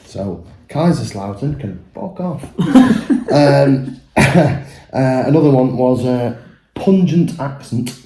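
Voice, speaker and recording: A man in loose pub banter, his voice mellow and dark, sweary and full of laughs. It is recorded in a roomy, echoing pub. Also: medium pitch, expressive, slow. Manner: sweary, laughing, rambling with fillers. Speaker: podcast co-host. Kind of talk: casual pub chat.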